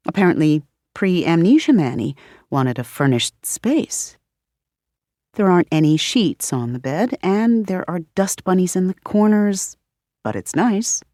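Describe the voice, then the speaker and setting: A woman narrating an audiobook in a measured, expressive reading style. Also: on the low side, dry recording, studio quality. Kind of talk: scripted narration.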